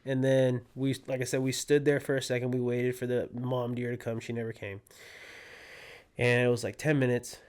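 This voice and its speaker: A young man from California, a guest on a podcast, telling a story in a casual, animated way and acting out his own quotes. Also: medium pitch, normal speed, clear, resonant tone. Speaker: podcast guest, disc golfer.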